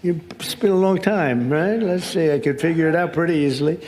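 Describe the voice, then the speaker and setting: A man's voice: a little high, moderate pace, a little mellow. A man giving an off-the-cuff speech at a luncheon, rambling with ad-libs and asides between prepared lines, into a podium microphone. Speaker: speaker at a luncheon. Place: indoor luncheon event.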